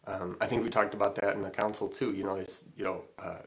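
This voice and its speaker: Rambling, laughing man with a lowish voice. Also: level tone, fast talker, rough recording. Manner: rambling, filler-heavy, laughs often. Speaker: spiritual channeling host. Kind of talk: casual livestream chat.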